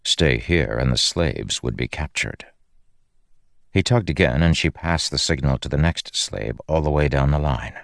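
A man narrating an audiobook in a measured, grave storytelling manner. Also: extremely low pitch, vocal fry, no echo, clean studio sound.

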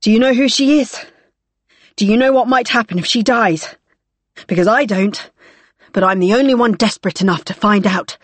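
A woman voicing a desperate, cornered young woman on the run, with a rasping, hissing delivery in a storybook reading. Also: medium pitch, moderate pace, no room sound, close to an everyday voice. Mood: threatening. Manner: tense, defiant.

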